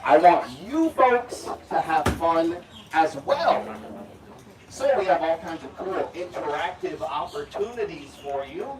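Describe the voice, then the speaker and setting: Man, alligator handler, animated and playful, picked up from a distance outdoors with steady background noise. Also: fairly high pitch. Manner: playful, chatty, coaxing the animals. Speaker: alligator handler presenting to visitors. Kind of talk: casual live demonstration talk.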